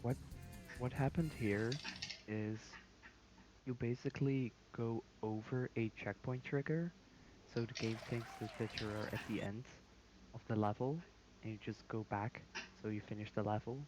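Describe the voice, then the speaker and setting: A man's voice: on the low side, steady tone, moderate pace, background noise. A man co-commentating a speedrun, explaining the tricks and teasing his partner.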